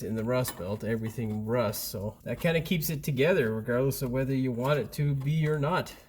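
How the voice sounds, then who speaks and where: A man's voice: medium pitch, noisy background. A man hosting a hands-on car repair tutorial, talking in a casual, blunt and mildly profane way, recorded on a camera mic in a garage workshop. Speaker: mechanic and channel host.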